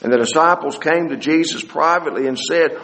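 A man preaching a Bible study sermon, often halting and repeating words as he searches for the next phrase. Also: a little high, fairly bright tone, in a large hall, rough recording.

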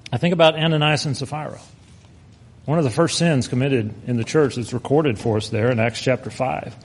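A man preaching a sermon, earnest, slowing down to stress his points and reading scripture aloud. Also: mid-range voice, a little mellow, husky.

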